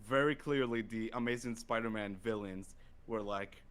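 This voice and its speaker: A man hosting a casual podcast chat, ranting excitedly with lots of fillers. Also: lowish voice, moderate pace, clear, resonant tone. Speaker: podcast host.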